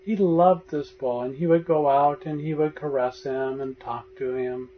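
A man giving a meditation talk as a spiritual teacher, telling a parable in a gentle storytelling manner and acting out the voices in it. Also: medium pitch, fairly even intonation, normal speed, slight background noise. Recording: dull lo-fi recording.

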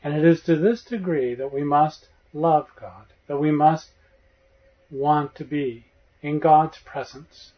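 A man with a fairly high voice gives a meditation talk and tells a parable gently, lending the people in the tale their own voices. The recording sounds dull and lo-fi. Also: slow. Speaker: spiritual teacher.

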